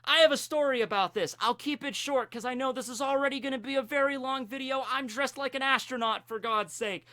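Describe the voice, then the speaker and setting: An excitable man talks through an anime episode with lively storytelling and the occasional curse. His voice sits high and bright, with a bright, cutting edge. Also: a little fast, few pauses. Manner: excitable, animated storytelling with swearing. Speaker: anime commentary youtuber. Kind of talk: casual commentary.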